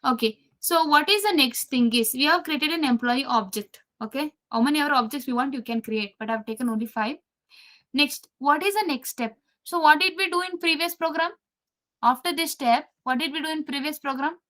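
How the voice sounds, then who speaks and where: High-voiced woman teaching code. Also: brisk, a bit bright. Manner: repeats phrases, quizzes students. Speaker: programming teacher. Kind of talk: live coding lesson.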